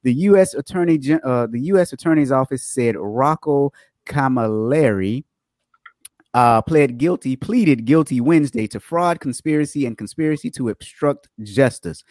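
A man's voice: mid-range voice, normal speed, darkish tone, no echo, clean studio sound. A man hosting a livestream, chatting upbeat with viewers and greeting them by name before reading fraud news stories. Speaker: livestream host.

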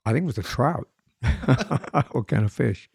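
A man's voice: medium pitch, lively intonation, unhurried, vocal fry, a little mellow, breathy edge, no room sound, clean studio sound. A man, a former police officer, talking in casual chat and often repeating words as he searches for what to say.

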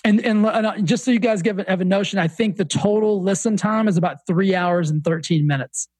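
A man's voice: high voice, fairly quick, no echo. A man with a Southern accent, a fitness coach and author, telling stories animatedly as a podcast guest. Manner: animated storyteller, many restarts. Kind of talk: casual podcast interview.

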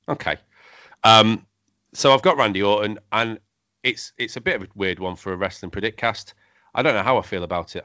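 A man with a low, bright, forceful voice, chatting casually as a podcast host. He talks with many fillers and restarts. The sound is dry and a little dull, like a lo-fi recording. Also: no room sound.

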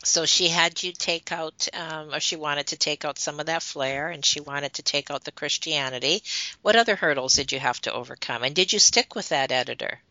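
This woman hosts an interview, asking questions and encouraging her guest with easy laughter. Her voice is lowish and sharply bright. The sound is dry and slightly dull. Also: normal speed, dry recording. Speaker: interviewer, host.

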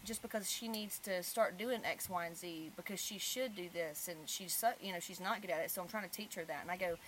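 Animated mother hosting a podcast. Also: fairly low pitch, a little fast, a little hiss or hum. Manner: animated storyteller, swings loud when telling stories. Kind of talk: casual podcast chat.

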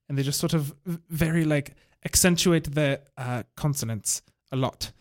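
A man's voice: fairly high pitch, steady tone, moderate pace, hardly any pauses. A man co-hosting a casual group chat, talking in a rambling, contrarian way. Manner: chatty, rambling, contrarian about pronunciation. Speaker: podcast co-host.

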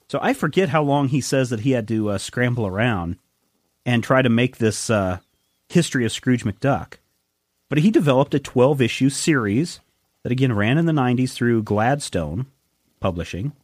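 Podcast host guy, super lively up and down voice, dry close sound, rambles about comics. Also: mid-range voice, moderate pace, dry recording. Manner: enthusiastic, rambling with fillers. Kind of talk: casual podcast chat.

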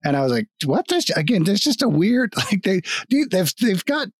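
A man's voice: high voice, very animated, moderate pace, no echo. Profane man recapping an episode, dry sound. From Kansas. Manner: loose, profane, laughs while talking. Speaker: podcast co-host. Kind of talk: casual chat recapping a TV episode.

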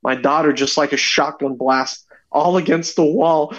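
Animated man telling stories, lo-fi. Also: fairly high pitch, moderate pace. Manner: animated storyteller, acts out voices. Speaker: podcast guest. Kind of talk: casual chat.

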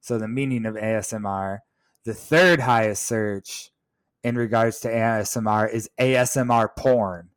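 A man's voice: fairly low pitch, moderate pace, clear, resonant tone. A man co-hosting a casual chat show, joking and teasing as he keeps pressing his point. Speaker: podcast co-host.

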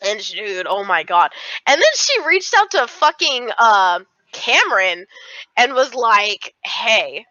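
Bright-voiced young woman telling stories. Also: a little high, measured pace, no room sound, highs cut off. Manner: fillers, swearing, animated retelling. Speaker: podcast co-host. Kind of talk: casual storytelling chat.

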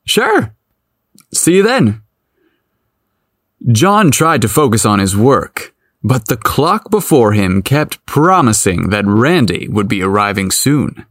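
A man narrating a story aloud in a playful, expressive manner. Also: fairly low pitch, no echo, clean studio sound. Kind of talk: audiobook narration.

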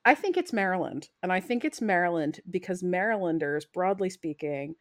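A woman's voice: on the low side, expressive, normal speed. Woman reasoning aloud in casual chat. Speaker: podcast co-host.

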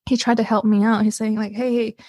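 A woman's voice: medium pitch, level tone, fast, darkish tone, no echo. A woman guest on a podcast, telling a story in casual chat with many restarts and repeated words.

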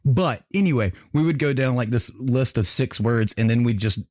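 A man's voice: mid-range voice, normal speed, no room sound. Profane joking man, dry close sound. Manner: profane, laughs often, joking. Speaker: podcast host. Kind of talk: casual chat.

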